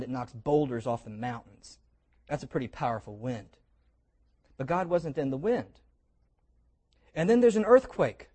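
A man preaching a sermon, retelling scripture as lively stories with jokes and invitations to imagine. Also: fairly high pitch, breathy edge. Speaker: pastor.

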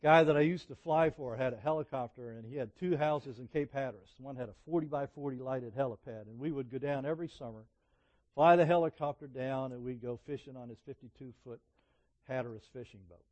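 A middle-aged man preaching a sermon, telling personal stories in a conversational way that swings from emphatic peaks to quiet asides. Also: mid-range voice, fairly quick, highs cut off.

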